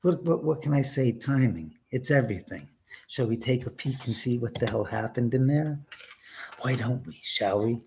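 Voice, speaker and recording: A man hosting a casual livestream from his house, telling a story in a rambling, profane, animated way. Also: medium pitch, normal speed, vocal fry, slight background noise. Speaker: livestream host. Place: his own house, indoors.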